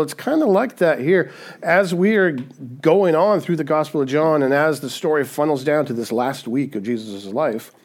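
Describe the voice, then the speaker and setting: A man preaching a sermon as pastor, casual and conversational, often asking "right?" and acting out quoted voices. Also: mid-range voice. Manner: conversational, frequent "right?" tag questions; animated, acts out quoted voices.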